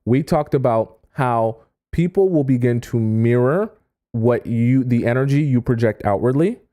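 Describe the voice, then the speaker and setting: A man's voice: medium pitch, expressive, a little slow, warm tone. A man giving dating advice on a live stream in a conversational way, often checking in with "okay?" and "right?". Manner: acts out quoted people in a raised voice. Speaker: dating coach.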